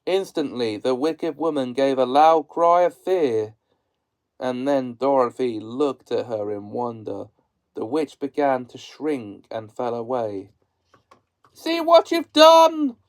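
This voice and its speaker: A man reading a classic children's story aloud as narrator, in slow, measured storytelling. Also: mid-range voice, a little mellow, rough recording. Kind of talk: audiobook-style reading.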